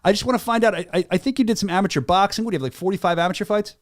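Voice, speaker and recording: A man with a Philadelphia-area accent hosting a casual chat, enthusiastic and full of quick restarts. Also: sits high. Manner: enthusiastic, rapid, stumbling restarts. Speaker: host.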